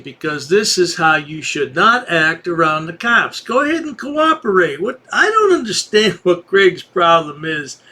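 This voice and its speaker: A man's voice: sits high, sharp tone. A man hosting a commentary video, mocking the people in the clip in a sarcastic, taunting voice-over. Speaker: commentary channel host.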